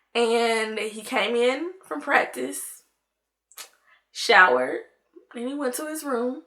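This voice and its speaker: Young woman, casual storytime vlog, chatty and rambling, bright, slightly high voice. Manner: chatty, lots of "like", addresses viewers as y'all. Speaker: vlogger.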